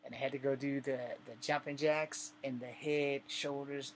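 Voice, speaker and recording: A man's voice: medium pitch, little pitch movement, normal speed, hardly any pauses, a little hiss or hum. Laid-back, profane male storyteller. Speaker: army veteran storyteller. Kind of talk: casual storytelling vlog.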